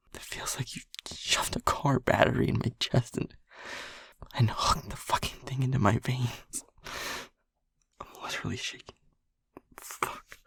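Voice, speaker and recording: A man voicing a shy, anxious male air elemental in an audio role-play, stammering and hushed as he rambles. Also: mid-range voice, creaky, slightly rough, no echo. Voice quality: stammering, halting, repeats words.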